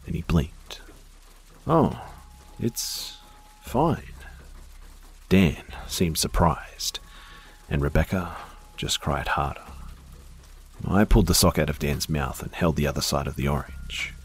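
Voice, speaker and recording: Male horror narrator, very deep voice, husky, grim and measured delivery. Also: fairly even intonation. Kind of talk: first-person horror story narration.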